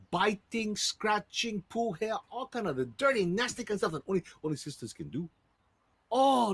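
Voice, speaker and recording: A man from Hawaii telling island legends with lively sound effects, in a Hawaiian Pidgin accent. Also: a little high, husky, no echo. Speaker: storyteller. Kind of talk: live storytelling of legends.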